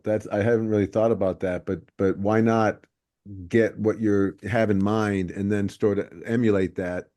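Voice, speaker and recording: Low-voiced rambling American host. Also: male voice, warm tone. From Ohio, US. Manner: rambling, many fillers and restarts. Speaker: podcast host, stand-up comic. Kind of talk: casual podcast chat.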